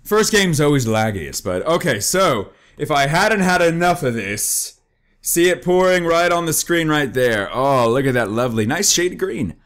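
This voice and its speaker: A man's voice: fairly high pitch, moderate pace. A young man giving joking gaming commentary while eating wasabi, groaning and yelping, his voice strained from the spice. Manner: excitable, joking, yelps and groans from spicy food. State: eyes watering, voice strained from wasabi. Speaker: gaming YouTuber.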